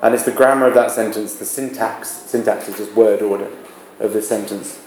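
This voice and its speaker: Mellow-voiced male teacher in echoey classroom. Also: fairly low pitch, fairly even intonation, fairly quick. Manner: explains patiently, asks rhetorical questions. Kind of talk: classroom literature lesson. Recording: echoey classroom with background noise.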